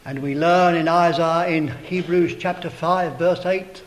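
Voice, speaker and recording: Slow, dramatic male preacher. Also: on the high side, steady tone, poor audio. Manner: slow, dramatic delivery rising to loud emphatic peaks, then dropping to hushed tones; addresses listeners as brethren, beloved brother. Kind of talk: sermon.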